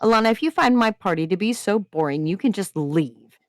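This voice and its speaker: A woman's voice: deep voice, sing-song, moderate pace, no echo, clean studio sound. A woman reading aloud as a haughty, controlling vampire mother who scolds through clenched teeth. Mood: furious. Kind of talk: dramatic reading of a story.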